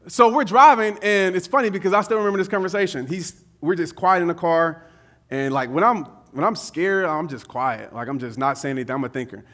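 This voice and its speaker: High-voiced animated man telling a story. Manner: animated storyteller, casual slang, laughs at himself. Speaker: motivational speaker. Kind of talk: motivational speech with personal storytelling.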